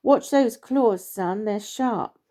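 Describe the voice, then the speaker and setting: A woman doing a gruff long-suffering badger. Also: fairly high pitch, takes it slowly, mellow. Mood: grumbling. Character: patient grumbling male badger. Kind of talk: storybook reading.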